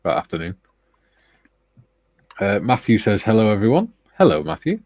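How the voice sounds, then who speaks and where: Man, host, reads the chat aloud, jokey and chuckling, low voice, dry close sound. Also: big pitch swings, normal speed, darkish tone, no echo. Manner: jokey, chuckling, greets viewers one by one. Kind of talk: casual chat, reading out live chat. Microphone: video call.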